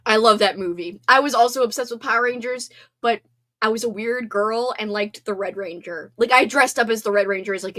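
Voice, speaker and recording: Bubbly chatty woman, slightly high voice. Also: fairly bright tone. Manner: bubbly, chatty, lots of "like" and "frickin'". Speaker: livestream host reading chat. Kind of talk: casual chat.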